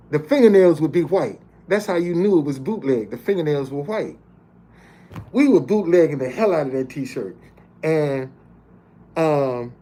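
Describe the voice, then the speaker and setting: A man's voice: high-pitched, warm tone. A man in his fifties or older telling a personal story as a motivational speaker. He talks plainly to his listeners and often stops to repeat words as he builds a point. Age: 50s or older. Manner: plain-spoken, addresses listeners directly. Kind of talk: storytelling monologue.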